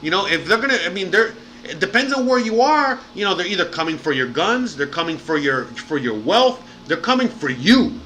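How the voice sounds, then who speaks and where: A man's voice: sits high, very animated, a little fast, sharp tone, a little hiss or hum, low-quality recording. A man hosting a livestream, rambling and swearing freely with lots of fillers in casual chat. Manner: rambling and profane, heavy fillers. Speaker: livestream host.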